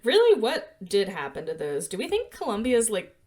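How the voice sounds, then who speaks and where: A woman's voice: mid-range voice, wildly swooping pitch, normal speed, darkish tone. A woman co-hosting a podcast, casually walking through a film scene, with fillers and small laughs. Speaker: podcast co-host.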